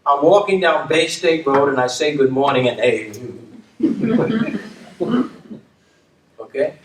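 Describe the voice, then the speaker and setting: A man's voice: mid-range voice, expressive, normal speed. Older man, reflective talk, repeats points, checks in often, echoey room, away from mic. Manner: repeats "okay?" to check in, emphatic restatements. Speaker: community leader and former dean. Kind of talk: reflective conversation. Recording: roomy, distant mic with faint room noise.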